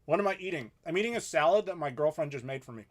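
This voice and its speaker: A man in his thirties chats easily through a live question-and-answer stream from his home. His voice sits a bit high for a man. He laughs often and keeps things relaxed at a desk mic. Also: racing. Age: 30s. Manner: easygoing and chatty, laughs often. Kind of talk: casual live Q&A chat. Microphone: desk mic in front of him.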